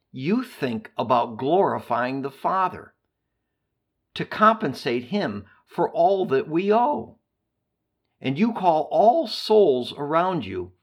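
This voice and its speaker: A man reading a devotional meditation aloud in a solemn, prayerful way. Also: mid-range voice. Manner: slow, solemn and measured. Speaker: reader of a devotional text.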